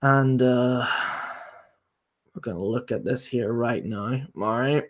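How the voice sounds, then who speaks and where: A man's voice: medium pitch, normal speed. A young man ranting bluntly and profanely while reviewing a wrestling show on a casual livestream.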